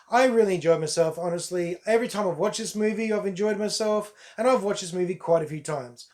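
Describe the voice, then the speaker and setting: A man's voice: high voice, normal speed, darkish tone. A man, chatting through a casual solo film review to his viewers, emphatic and repeating words for stress. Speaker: movie reviewer.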